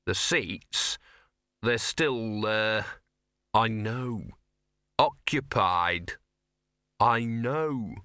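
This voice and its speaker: A man's voice: on the low side, very slow, pauses often, bright, forceful tone, no echo, clean studio sound, heavily acted. A man voicing a cynical, scruffy talking dog who grumbles and makes sardonic remarks in an audiobook. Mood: uneasy.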